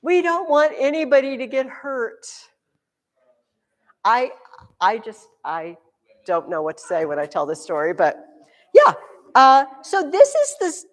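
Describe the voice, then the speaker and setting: A woman teacher tells a history story to her class with a joking, animated delivery. Her voice sits fairly high and swings widely in pitch. The classroom leaves a long, echoey reverb on every word.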